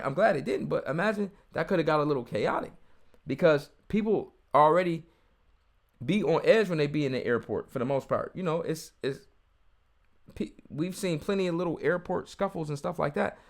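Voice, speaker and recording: A man's voice: on the high side, gravelly. A man giving casual, heated commentary on a video and talking straight to his viewers. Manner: animated, talks straight to viewers, heated and mocking.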